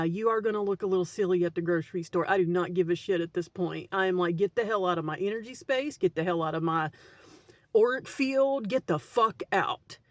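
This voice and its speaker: A woman's voice: medium pitch, darkish tone, no room sound. A woman vlogger giving casual spiritual advice to camera in a blunt, swearing way, often tagging "right?" onto her sentences. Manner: blunt, swears freely, keeps adding "right?".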